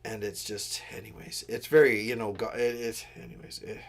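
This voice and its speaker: A man's voice: fairly low pitch, fairly even intonation, normal speed. A man hosting a live stream, telling a story in a casual, earnest way with digressions and apologetic asides. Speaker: livestream host.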